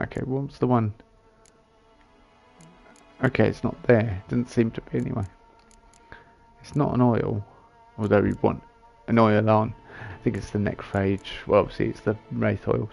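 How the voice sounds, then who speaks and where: A man's voice: fairly low pitch, gravelly, a little mellow. A man giving casual commentary on a game he plays, muttering and reading item descriptions aloud as he thinks it through. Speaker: gaming channel host.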